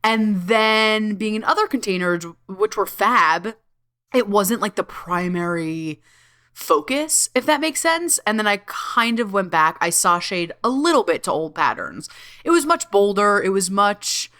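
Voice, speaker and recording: Bright, giggly woman podcast host. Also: mid-range voice. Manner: bubbly, giggly, swears freely, many fillers. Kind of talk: casual solo podcast talk.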